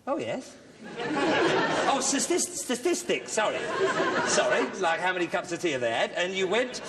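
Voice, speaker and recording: A man's voice: high-pitched, very animated, moderate pace, a loud crowd, heavy background noise. A middle-aged man hosting a television game show, bantering and teasing contestants with puns. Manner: joking, teasing punning patter. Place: television studio with audience. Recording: reverberant TV studio with audience laughter.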